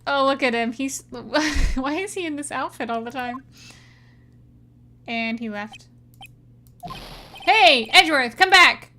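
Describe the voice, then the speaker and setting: A woman's voice: high voice, measured pace, long pauses, a bit bright, slight background noise. A woman streamer joking and giggling as she plays through a game and reads its dialogue. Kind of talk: game commentary while reading dialogue. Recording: game music behind the voice.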